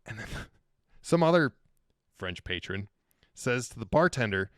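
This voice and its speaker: A man's voice: a little high, normal speed, long pauses, no room sound, studio quality. A man telling a funny story as a podcast guest, swearing and joking casually. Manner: animated, profane, joking.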